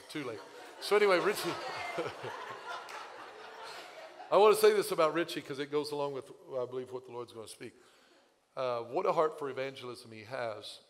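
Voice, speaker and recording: A man preaching a sermon as pastor, telling a story in an animated, self-deprecating way, his voice recovering from having been lost. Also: medium pitch, moderate pace, pauses often, long reverb tail, slight background noise. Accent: Midwestern American. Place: church sanctuary.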